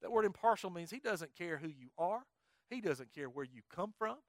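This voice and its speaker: A man's voice: sits high, lively intonation, normal speed, no echo, studio quality. A middle-aged male pastor, preaching emphatically and quizzing his congregation. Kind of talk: sermon.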